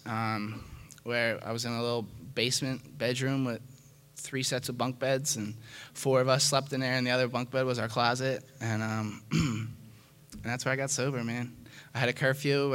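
Frank, self-mocking man with a bright voice. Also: mid-range voice. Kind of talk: candid personal testimony.

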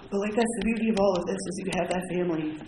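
Guy sharing his story at a meeting, kinda high voice, honest and rambly, noisy echoey room. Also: very fast, mellow. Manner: candid, heartfelt storytelling with frequent "like". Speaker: recovery meeting speaker. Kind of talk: personal testimony to a group.

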